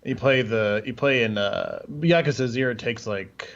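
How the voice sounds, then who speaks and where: A man's voice: mid-range voice, normal speed, creaky, fairly bright tone. A man chatting casually on a podcast in a loose, rambling way, swearing freely. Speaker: podcast co-host. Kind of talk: casual chat. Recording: muffled lo-fi audio.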